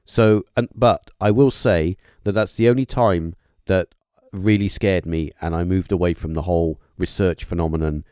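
A man hosting a podcast interview, talking in a halting, musing way with lots of fillers and restarts. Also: deep voice, steady tone, dark tone, smooth, no room sound, clean studio sound. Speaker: podcast host. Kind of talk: casual interview chat.

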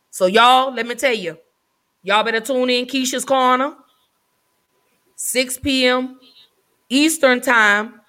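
A woman hosting a casual live podcast, talking in an effusive, affectionate way with drawn-out phrasing. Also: on the high side, fairly bright tone, low-quality recording. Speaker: podcast host.

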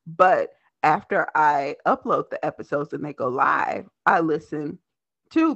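Podcast host, woman with a lisp, lively pitch and a gravelly edge, fast casual chat. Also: no room sound, highs cut off. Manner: talks fast, animated and laughing.

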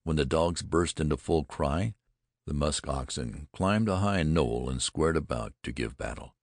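Deep gravelly male audiobook narrator. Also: measured pace, dry recording, studio quality.

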